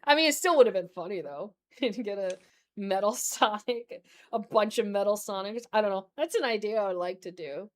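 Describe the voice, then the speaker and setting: A woman's voice: mid-range voice, normal speed. A young American woman chatting casually on a livestream as a VTuber, rambling with lots of fillers and frequent laughter. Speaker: VTuber streamer.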